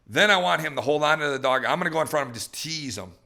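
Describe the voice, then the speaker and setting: A fired-up middle-aged man hosting a dog-training podcast, talking in a bright, tense voice that sits a little high for a man. He swings his pitch widely and slips into quick voices for dogs and people. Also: expressive.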